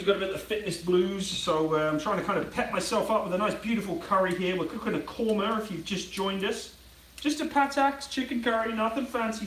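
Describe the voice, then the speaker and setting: British man, slightly high voice, rambling livestream chat, cooking at home, mic a bit far off in an echoey room. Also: slight background noise. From Britain. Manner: rambling, chatty, reads viewer comments aloud. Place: home kitchen.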